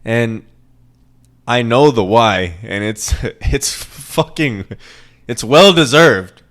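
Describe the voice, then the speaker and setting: A man's voice: mid-range voice, very slow, fairly bright tone. A man hosting a casual solo podcast, ranting in a profane, rambling way and repeating lines for emphasis. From American South. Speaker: podcast host.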